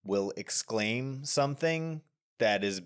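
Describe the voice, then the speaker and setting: Animated yet slow, a medium-pitched man with a clean tone co-hosts a podcast about a film. He loosely goes through it scene by scene, explaining at length, restarting often, and leaning on fillers.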